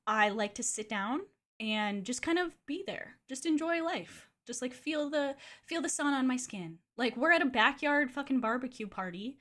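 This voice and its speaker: A woman's voice: high-pitched, lively intonation, normal speed, a bit bright. A young adult woman streamer telling a personal story in a candid, chatty way, swearing freely and filling with "like". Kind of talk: casual storytelling.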